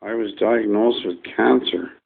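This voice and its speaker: Gravelly, slow-talking man vlogger, rambling and profane, folksy gripe delivery. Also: lowish voice, narrow, tinny audio. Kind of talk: ranting to-camera video.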